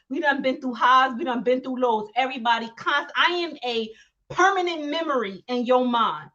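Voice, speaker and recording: A woman hosting casual celebrity gossip commentary, animated and mocking, laughing often and talking in slang. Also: high voice, normal speed, highs cut off. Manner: slangy talk, repeated phrases. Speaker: commentary host.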